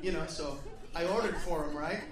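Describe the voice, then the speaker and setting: An American man doing a stand-up comedy set, loud and profane, shouting through his characters' voices. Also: a little high, normal speed, reverberant, far from the mic, a crowd in the background. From United States.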